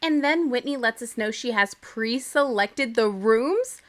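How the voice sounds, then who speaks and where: A young woman hosts a casual recap podcast with a bright, forward voice that sits a little high. She talks in a chatty, opinionated way, with playful bursts of drama. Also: animated, a little slow. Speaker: podcast host.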